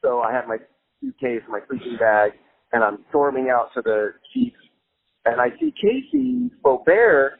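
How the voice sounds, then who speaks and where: A young man telling a casual anecdote, animated, laughing often and swearing casually, with many "like" fillers. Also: mid-range voice, a little slow, creaky, dry recording. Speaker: storyteller. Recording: phone-like line with faint music.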